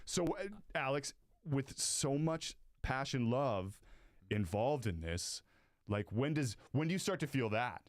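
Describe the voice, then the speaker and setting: A man's voice: mid-range voice, expressive, unhurried, no room sound, studio quality. A man hosting a casual talk show, blunt and swearing freely while asking probing questions. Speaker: host. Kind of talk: casual interview chat.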